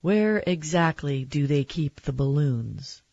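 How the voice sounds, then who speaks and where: A woman voicing an exasperated mother in a storybook reading, groaning and put-upon, with a slow, breathy delivery. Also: low-pitched, lively intonation, darkish tone, no room sound, highs cut off, heavily acted. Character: weary, exasperated mother of a young boy.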